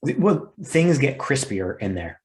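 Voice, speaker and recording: A man's voice: medium pitch, very animated, measured pace. A young man co-hosting a podcast in casual chat, playful and insistent. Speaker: podcast co-host.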